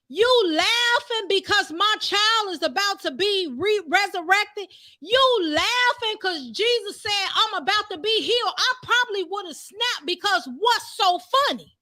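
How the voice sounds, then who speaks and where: A woman's voice: extremely high pitch, sharp tone. A woman preaching a live-streamed sermon in a fervent, repetitive, conversational way.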